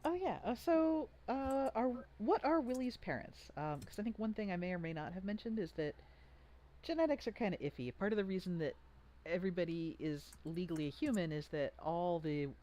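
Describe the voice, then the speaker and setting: This game master talks through rules with a pitch that bounces around a lot, full of jokes and little restarts. The mood is a casual tabletop session among friends. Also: lively intonation, a little fast, darkish tone. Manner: chatty, joking, full of fillers and restarts.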